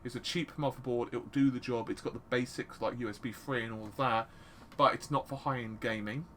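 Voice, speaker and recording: A man co-hosting a casual tech podcast, excitable and quick to jump in with jokes. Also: medium pitch, a little hiss or hum. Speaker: podcast co-host.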